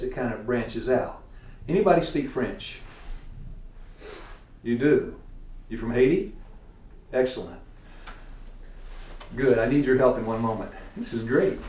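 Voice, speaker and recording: A man's voice: mid-range voice, a little mellow. A man with a Tennessee accent teaching a church class, quizzing his students in a folksy way and chuckling often. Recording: echoey room, distant mic.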